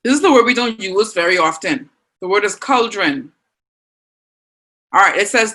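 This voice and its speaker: A woman's voice: medium pitch, animated, normal speed, long pauses, pushed and bright, rough recording. Encouraging Bahamian woman teaching online. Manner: encouraging, reads out student answers. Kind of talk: online class lesson.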